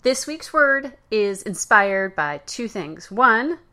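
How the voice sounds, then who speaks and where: A woman hosting a podcast, telling a personal story in a casual, chatty way with fillers and quick self-corrections. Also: mid-range voice, sing-song, pushed and bright. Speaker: podcast host. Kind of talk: casual solo podcast monologue.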